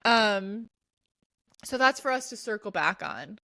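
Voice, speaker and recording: A woman's voice: mid-range voice, lively intonation, measured pace, sharp tone, dry recording, studio quality. A woman co-hosting a podcast, telling a story in a casual, rambling way with lots of restarts. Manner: chatty, rambling with many restarts and "like". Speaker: podcast co-host. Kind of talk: casual chat.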